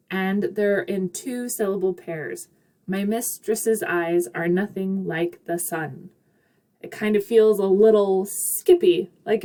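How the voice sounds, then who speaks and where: A woman's voice: medium pitch, darkish tone. Chatty upbeat woman lecturing. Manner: chatty, upbeat, with asides and fillers. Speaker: literature instructor. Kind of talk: recorded online lecture.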